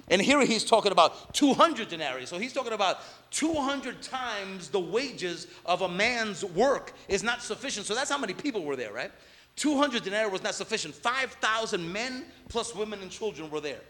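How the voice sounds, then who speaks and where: A man's voice: high-pitched, fairly bright tone, long reverb tail. A man preaching a sermon in a conversational way, often asking his listeners "right?". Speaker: pastor.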